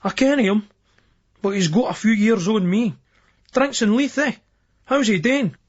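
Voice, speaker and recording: An older drunken Scottish man, voiced by a male narrator, gruff yet easygoing. The voice is husky and a little raised. The recording sounds dull and lo-fi. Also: high voice, expressive, a little slow, voice pushed up. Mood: chatty.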